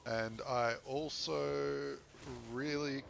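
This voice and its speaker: A man's voice: medium pitch, fairly even intonation, very slow, creaky. A man casually chatting and joking with viewers during a game stream. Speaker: gaming streamer. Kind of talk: casual live-stream chat. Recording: noisy background.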